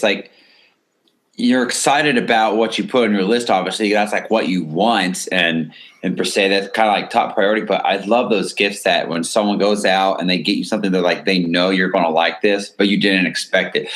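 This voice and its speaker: A man's voice: fairly low pitch, fairly bright tone. A man co-hosting a casual podcast, talking in an earnest, eager way with plenty of ums. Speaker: podcast co-host.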